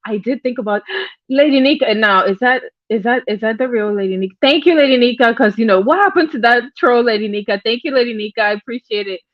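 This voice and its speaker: Chatty woman livestreamer, slightly high voice. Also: quick pace, dry recording, highs cut off. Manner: chatty, repeats phrases, greets viewers by name. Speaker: livestream host. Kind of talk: casual livestream chat with viewers.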